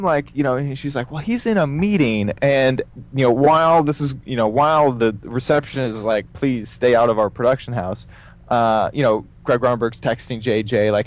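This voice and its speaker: An animated man tells a story in a relaxed, casual way. He leans on fillers and acts out the voices of the people involved. His pitch sits in a middle range. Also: moderate pace. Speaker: guest telling a story.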